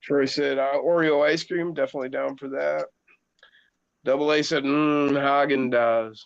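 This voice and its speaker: A man's voice: fairly high pitch, little pitch movement, moderate pace, vocal fry, no room sound. Joking man reading out chat. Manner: joking, reads chat comments aloud. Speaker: co-host reading viewer chat. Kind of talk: casual livestream chat. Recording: dull lo-fi sound.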